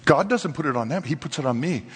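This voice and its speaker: A male pastor preaching a sermon in an animated, conversational way, full of rhetorical questions. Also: on the high side, fast, in a large hall, a little hiss or hum. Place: church sanctuary.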